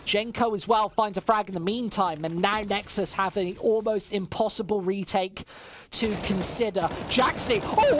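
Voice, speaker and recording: An esports caster calls the match live in quick play-by-play, voice jumping up at the big moments. Middling pitch, with a faint hiss sitting under the commentary. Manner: bursts of excitement over big plays, joking with chat.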